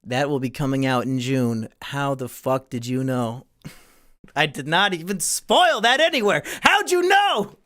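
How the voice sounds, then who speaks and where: A man's voice: mid-range voice, animated, unhurried, fairly bright tone. A man streaming live and answering viewer questions in a crude, profane and sarcastic way. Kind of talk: casual livestream Q&A.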